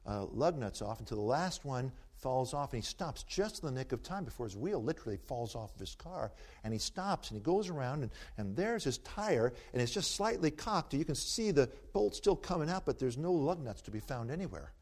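Male speaker of middle pitch, folksy storyteller with a preacherly, rhetorical push; takes questions from the floor. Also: very animated, a little fast, hardly any pauses, a little mellow, slightly rough. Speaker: speaker taking audience questions.

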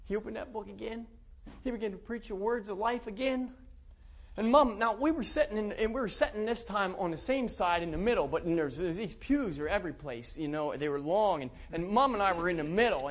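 High-voiced man telling his testimony. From central Pennsylvania. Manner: folksy storytelling, warm chuckles, many restarts. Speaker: preacher giving testimony. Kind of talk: personal testimony in a church.

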